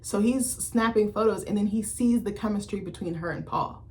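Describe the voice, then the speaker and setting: A young adult woman chatting casually on her vlog, animated and slangy, swearing freely and rambling off on tangents. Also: medium pitch, moderate pace, slight background noise. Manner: rambling, self-interrupting. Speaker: YouTuber reviewing a TV series. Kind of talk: casual chat.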